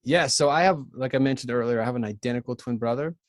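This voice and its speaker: A man in his thirties from Ukraine with a Ukrainian accent, a podcast guest telling his story in an earnest, halting way with many restarts. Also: mid-range voice, dry recording, studio quality. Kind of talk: casual storytelling.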